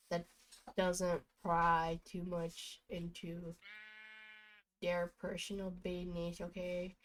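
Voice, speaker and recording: On a rough recording with slight background noise, a young woman streaming from home rambles through silly stories during gameplay, laughing in bursts. Her mid-range voice has a fairly bright tone.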